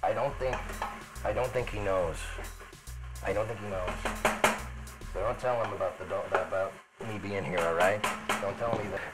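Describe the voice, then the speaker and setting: While cooking chili on a live stream, a man plays Columbo, the mild, rambling, rumpled Italian TV detective, muttering asides to himself. His medium-pitched voice is animated but slow with frequent pauses, heard over loud music in a low-quality recording.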